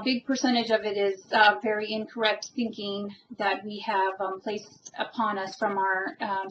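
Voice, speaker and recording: Recorded at home in dull lo-fi quality with a little background noise, this slightly high-voiced woman reflects on her spiritual journey in a vlog. The personal monologue wanders, thick with ums and false starts, and she is openly and self-admittedly emotional.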